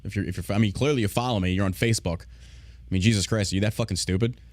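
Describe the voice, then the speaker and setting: A man's voice: lowish voice, fairly even intonation, rapid-fire, darkish tone, dry recording. A man hosting a podcast, ranting in casual, profane, sarcastic commentary. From United States. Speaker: podcast host.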